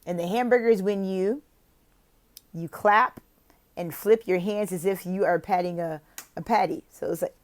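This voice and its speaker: A woman sharing classroom tips in a casual vlog, playful and quick to laugh, acting out silly classroom chants. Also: medium pitch, a little mellow. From lives in Oklahoma, not from there. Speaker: online teacher and video host.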